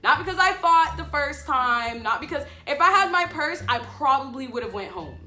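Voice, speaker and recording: A woman vlogger telling a story in a casual, animated way, swearing freely and talking to her viewers directly. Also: sits high, moderate pace. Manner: animated, chatty, addresses viewers as y'all. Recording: echoey room, faint music.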